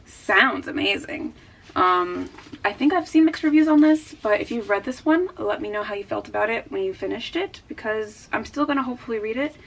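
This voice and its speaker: A young woman talking casually in a book vlog, chatty and rambling and quick to laugh. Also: a little high, lively intonation, vocal fry. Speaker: book vlogger. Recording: distant mic with background noise.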